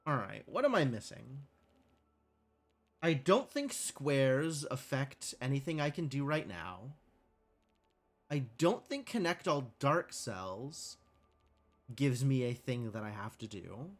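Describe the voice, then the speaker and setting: A man's voice: medium pitch, very animated, slow, long pauses, soft background music. A male livestreamer giving casual gameplay commentary, thinking aloud with questions to himself and chatting and laughing with viewers. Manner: chats with viewers, laughing easily.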